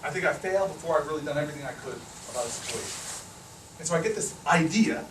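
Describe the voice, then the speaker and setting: A man telling stories high and animated to a hall. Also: very fast, slight background noise. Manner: animated, acts out the voices of people in his stories. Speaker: politician speaking to an audience. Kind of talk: humorous storytelling speech. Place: hall with a live, laughing audience. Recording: echoey hall, mic at a distance.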